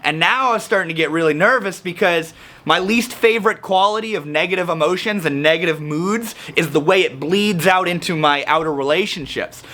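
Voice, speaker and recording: Bright-voiced man rambling casually. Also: high-pitched. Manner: rambling, slangy, restarts a lot. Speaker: vlogger. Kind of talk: casual personal vlog monologue.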